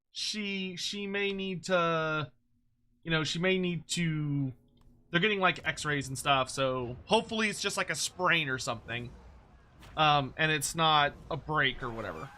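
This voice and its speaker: A man's voice: a little high, unhurried, sharp tone. A man from Texas with a General American accent, hosting a casual live stream. He chats with viewers in a rambling way, with many fillers and restarts, and laughs easily. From Texas, United States. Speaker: livestream host.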